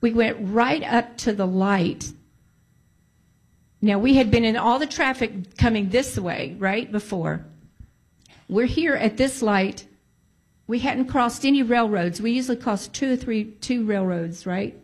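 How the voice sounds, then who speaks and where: A woman casually telling a personal story, animated and emphatic, repeating key points and breaking into prayerful exclamations. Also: fairly high pitch, a little slow, breathy edge. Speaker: storyteller sharing a personal testimony.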